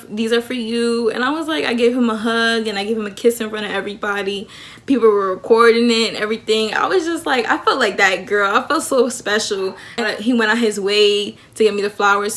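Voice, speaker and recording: A young woman vlogger chatting through a personal story time, animated and talkative, acting out what people said. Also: a little high, brisk. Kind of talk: storytime vlog.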